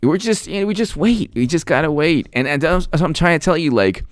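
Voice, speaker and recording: An excitable man delivering sarcastic political commentary straight to his viewers. His voice is smooth and resonant, and his pitch swings widely as he mocks and jokes. The sound is dry and close. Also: a little fast, dry recording. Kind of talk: animated solo political commentary.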